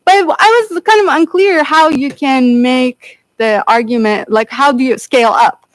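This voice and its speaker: A woman's voice: high voice, a little slow, no room sound, low-quality recording. Hesitant woman asking a question. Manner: hesitant, with many fillers. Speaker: audience member asking a question. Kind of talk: question from the floor.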